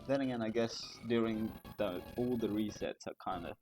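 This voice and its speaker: A man's voice: fairly low pitch, moderate pace, music in the background. Mumbling male game streamer. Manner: mumbling, self-deprecating, talking to himself. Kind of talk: casual gameplay commentary.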